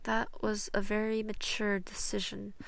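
A woman reading fan fiction aloud, voicing a calm female therapist who asks gentle, probing questions. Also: medium pitch, measured pace, vocal fry, dry recording.

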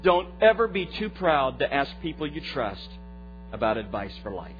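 A man preaching as a pastor, giving a short devotional in an earnest way that grows lively when he retells a story. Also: mid-range voice, moderate pace, faint music behind. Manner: earnest preaching that turns lively and loud in retold stories. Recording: dull lo-fi recording with faint mains hum.

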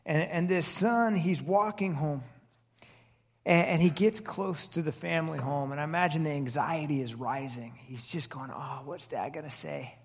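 A man's voice: on the high side, moderate pace, breathy edge. A man in his thirties, a pastor giving a conversational sermon, full of rhetorical questions and restarts.

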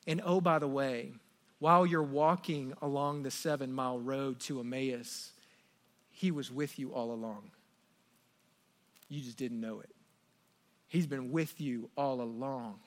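A middle-aged man preaching a sermon, telling a family story with animated swings from hushed asides to loud exclamations. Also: medium pitch, a little slow, pauses often. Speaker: pastor.

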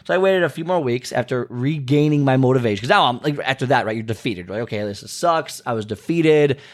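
A man casually telling a personal story as a fitness vlogger, rambling with restarts and asides, and acting out quoted lines in a higher voice. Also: lively intonation, a little fast. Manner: rambling, self-interrupting, frequent restarts and asides; acts out quoted dialogue with pitch jumps.

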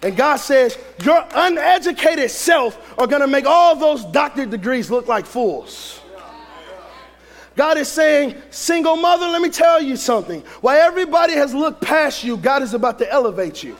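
Man, preacher, very high voice, animated pitch, shouting sermon. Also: normal speed. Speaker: pastor.

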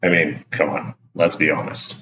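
A man hosting his own podcast, talking casually in an excitable, rambling, self-deprecating way. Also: very deep voice, moderate pace, roomy sound, muffled recording, a little hiss or hum. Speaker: podcast host. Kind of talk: casual solo podcast talk.

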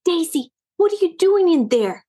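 A woman reading a storybook, voicing an excitable young girl kitten who chatters quickly. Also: high-pitched, pitched above the performer's own voice. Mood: excited.

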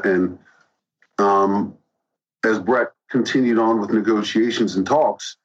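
A man's voice: fairly low pitch, steady tone, unhurried, husky. A man guest telling stories in a casual interview, hesitating here and there. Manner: storytelling, hesitant with fillers. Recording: dull lo-fi sound.

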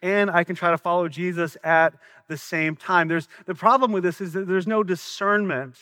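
Earnest high-voiced Southern preacher man. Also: fairly even intonation, moderate pace, bright, forceful tone, no room sound. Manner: earnest, questioning preacher, some stumbles and repeats. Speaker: pastor. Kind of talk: sermon.

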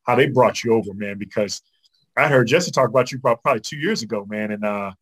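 Male interview host, husky and fast, casual and enthusiastic. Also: lowish voice, rough recording. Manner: enthusiastic, full of fillers like man and you know. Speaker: podcast host.

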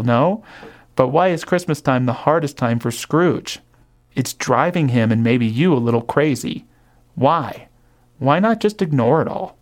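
Male narrator for reflective spiritual talk, thoughtful and questioning, mid-range voice. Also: medium pitch. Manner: thoughtful, asks rhetorical questions.

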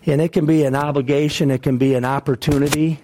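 A male pastor preaching a sermon, telling a story emphatically, repeating phrases and dropping his voice low and soft at the sad parts. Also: fairly even intonation, fast.

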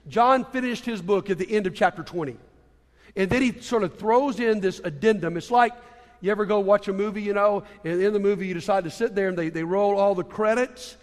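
A man preaching a sermon, telling a Bible story in a conversational way with frequent restarts. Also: high-pitched. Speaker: pastor. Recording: long reverb from a hall.

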